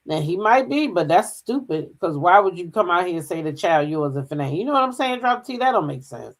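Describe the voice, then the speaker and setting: A woman's voice: lowish voice, animated. A woman hosting a gossip channel, talking casually, humming fillers and reading news aloud. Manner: chatty, drawn-out filler hums, reads news aloud. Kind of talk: casual commentary.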